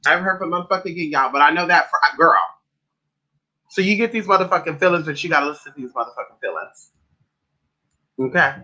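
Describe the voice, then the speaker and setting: A man's voice: on the high side, quick pace, pauses often, pushed and bright, poor audio. A man from California, the host of a spiritual livestream, telling a story to his live chat in a dramatic, profane way and calling listeners "honey" and "y'all".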